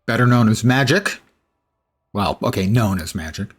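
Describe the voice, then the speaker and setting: A man's voice: fairly low pitch, expressive, normal speed, breathy edge. A man streaming a game, thinking aloud in a casual, musing way. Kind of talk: casual gameplay commentary.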